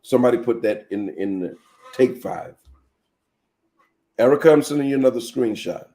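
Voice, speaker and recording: A man hosting a live teaching show as a pastor, telling animated personal stories and speaking straight to his viewers. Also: mid-range voice, moderate pace.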